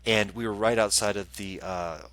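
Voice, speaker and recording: A man co-hosting a casual live chat show, telling stories in an animated way and acting out what people said. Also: lowish voice, moderate pace. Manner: animated storyteller, acts out quotes. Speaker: co-host and psychic medium.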